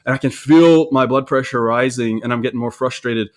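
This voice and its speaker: A man's voice: mid-range voice, fairly quick. A man telling a story about his own mistake in a candid, self-reflective way, with frequent restarts and repeated words. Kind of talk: conversational storytelling.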